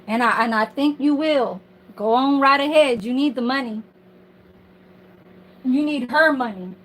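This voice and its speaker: A woman's voice: high voice, a little slow, poor audio. A woman ranting on her livestream from home in a casual, heated, profane and rambling way.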